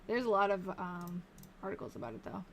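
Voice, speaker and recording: Speaking in a fairly low, sing-song voice at a brisk clip, this woman runs a live stream where she digs into old diaries. Tired and yawning, she reads newspaper snippets aloud, mulls them over, and makes casual conversation with viewers, with slight background noise audible.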